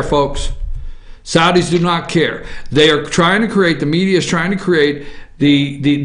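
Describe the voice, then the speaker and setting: A man's voice: a little high, fairly bright tone. A man hosting an opinion talk show, ranting in a combative monologue and punctuating points with "okay?". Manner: combative, repeats "okay?" often. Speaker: host.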